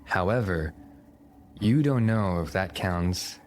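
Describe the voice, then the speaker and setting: Deep-voiced man running a tabletop game. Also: lively intonation, takes it slowly, darkish tone, a little hiss or hum. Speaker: dungeon master.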